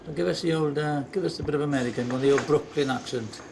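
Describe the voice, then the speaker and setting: Chatty interviewer, noisy ambience. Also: male voice, on the high side, fast talker, gravelly. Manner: chatty, teasing, eager questions. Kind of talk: casual interview chat.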